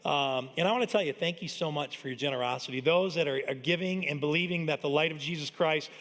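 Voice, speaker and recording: High-voiced pastor in a reverberant hall. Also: male voice, quick pace, a bit bright. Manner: conversational, tells family stories. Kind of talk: Christmas sermon. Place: large church hall. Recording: long church-hall reverb.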